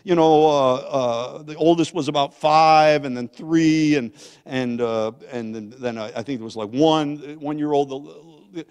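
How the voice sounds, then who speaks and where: An older man, a guest pastor, telling a family story in a sermon, swinging from loud to hushed. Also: on the high side, unhurried, clear, resonant tone. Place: church sanctuary. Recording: long church hall reverb.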